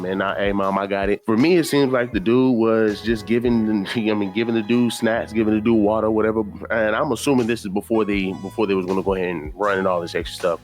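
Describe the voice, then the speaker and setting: A man with a lowish voice talks through a reaction video in a loose, opinionated way. He circles back to his points and repeats them. Faint music plays underneath. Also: darkish tone. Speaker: commentary YouTuber. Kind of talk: casual reaction commentary.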